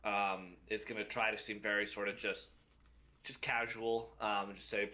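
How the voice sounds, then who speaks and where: Lowish guy voice, bright and crisp, kinda halting as a player. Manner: hesitant, halting, calming. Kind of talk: tabletop role-play.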